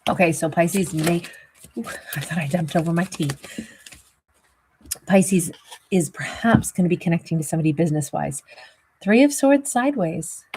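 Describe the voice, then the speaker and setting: A woman's voice: lowish voice, animated, normal speed, pauses often, dark tone, a little hiss or hum. A woman host giving a casual tarot reading, wheezy and rambling, with plenty of fillers. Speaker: tarot reader.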